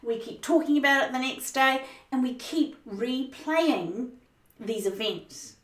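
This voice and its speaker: Expressive woman coaching in a roomy space. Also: high voice. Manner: emphatic, expressive, speeds up and slows down for effect. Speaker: leadership coach. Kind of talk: motivational teaching talk. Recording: roomy sound, mic at a distance.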